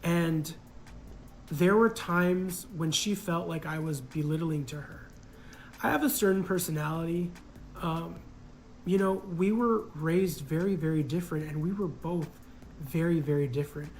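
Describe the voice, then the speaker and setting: A man's voice: a little high, measured pace, a little hiss or hum, poor audio. A man casually telling a personal story in a reflective, hesitant way, full of fillers.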